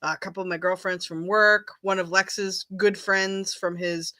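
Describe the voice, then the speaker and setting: A woman's voice: medium pitch, steady tone, measured pace, pushed and bright. A woman co-hosting a casual chat show, talking in a chatty, giggly way. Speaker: podcast co-host.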